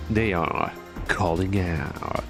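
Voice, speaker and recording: Man reading as a calm, menacing female entity. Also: deep voice, slow, music in the background, voice pushed down. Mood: ominous.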